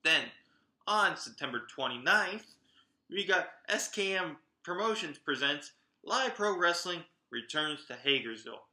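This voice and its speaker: A chatty, excitable man rattles through a list of upcoming wrestling shows as if talking to friends. His voice sits a little high and sounds very bright and sharp. The recording has a noticeable echo from the room. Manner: chatty, excitable, talks straight to viewers. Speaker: wrestling vlogger. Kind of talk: casual event roundup.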